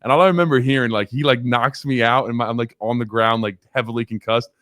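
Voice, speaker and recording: A man's voice: mid-range voice, fairly even intonation, fast, fairly bright tone, dry recording, studio quality. A man who once played college football, chatting casually on a sports podcast, rambling, repeating words and laughing at his own stories. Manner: rambling, self-deprecating, laughs while telling stories. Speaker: former college offensive lineman, guest.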